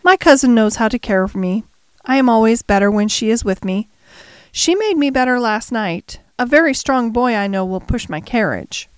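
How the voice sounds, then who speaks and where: A woman's voice: fairly high pitch, expressive, normal speed, clear, resonant tone, no room sound, close to an everyday voice. A woman voicing a spoiled, commanding young boy in an audiobook reading. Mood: imperious. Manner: commanding, grand.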